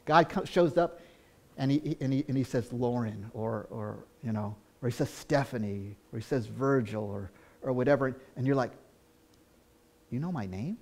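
Preaching with earnest conviction, this pastor often restarts and repeats himself while shifting from booming stretches to hushed moments. He has a medium-pitched voice with vocal fry and keeps a normal speed.

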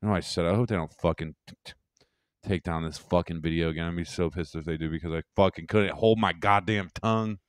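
A man's voice: sits low, fairly even intonation, fast, clear, resonant tone, no echo. A man co-hosting a podcast, telling rambling, profane, boastful stories about doing stand-up. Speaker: podcast co-host and stand-up comic. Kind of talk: casual podcast chat.

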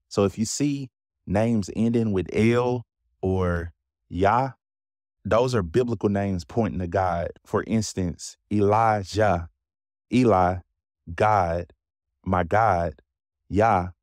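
Southern guy with a deep voice walking through bible passages, chatty teacher vibe, dry close mic. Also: takes it slowly, darkish tone, dry recording. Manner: conversational, explains and asks listeners questions. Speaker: Bible podcast host.

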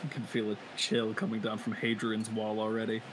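A man's voice: on the low side, completely flat delivery, a little fast, background noise. A man chatting casually as a player at a tabletop game, dry and easygoing.

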